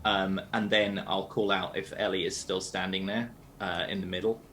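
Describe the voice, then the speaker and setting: A man's voice: low voice, level tone, moderate pace, fairly bright tone, slight background noise. A British man playing a tabletop game, thinking aloud with lots of hesitant fillers. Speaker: player.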